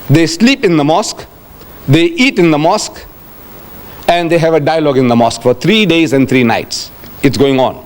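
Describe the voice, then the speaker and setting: A man giving a religious lecture to an audience, telling a story in a lively way, acting out quotes and asking rhetorical questions. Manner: animated storytelling, acting out quotes with sharp pitch jumps.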